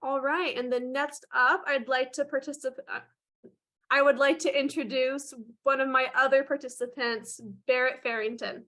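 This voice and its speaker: Bright, upbeat woman clinician. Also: high voice, fairly even intonation, normal speed. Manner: enthusiastic, proud praise with some fillers. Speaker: speech therapy clinician presenting a certificate. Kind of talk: virtual ceremony presenting.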